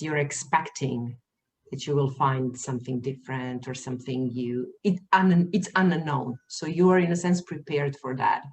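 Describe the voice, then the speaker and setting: A woman interviewer whose first language is Serbian, asking questions and sharing her own experiences in a thoughtful, expressive way with slow, emphatic phrasing. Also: low-pitched, poor audio. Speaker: podcast host interviewer. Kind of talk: conversational interview.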